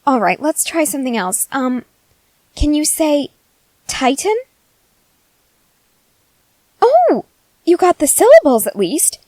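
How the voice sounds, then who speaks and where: A giddy, creepily sweet female scientist, as a woman acts her out in an ASMR role-play. Her voice sits high and leaps all over with delight. She coaxes slowly and fondly, recorded close and dry with no room sound. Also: very animated, darkish tone, no echo, heavily acted, rough recording. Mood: coaxing. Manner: gushing, coaxing, cheerfully unsettling.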